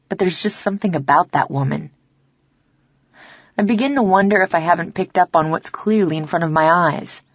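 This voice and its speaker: A woman's voice: dry recording, muffled recording. A woman narrating a first-person romance audiobook, voicing the dialogue herself. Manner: acts out dialogue, softer and lower for the male lover.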